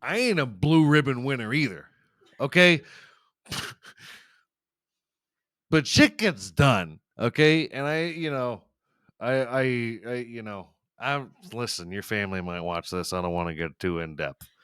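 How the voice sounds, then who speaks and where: A man's voice: mid-range voice, expressive, unhurried, pauses often, fairly bright tone, clear, resonant tone, no room sound, studio quality. A man hosting a podcast, delivering a rambling, profane, sarcastic comedic rant. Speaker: podcast host. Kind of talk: comedic ranting monologue.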